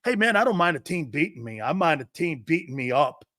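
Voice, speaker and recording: A man's voice: fairly high pitch, big pitch swings, brisk, bright, forceful tone, no room sound, clean studio sound. A man hosting a live sports talk show, reading viewer comments and ranting in a brash, profane, fired-up way.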